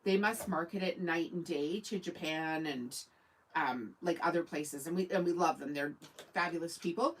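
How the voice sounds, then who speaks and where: A woman's voice: sits low, normal speed, slightly rough, rough recording. A woman from Canada, hosting a casual sewing livestream, chatting in a rambling way and answering viewers' comments. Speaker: sewing channel host.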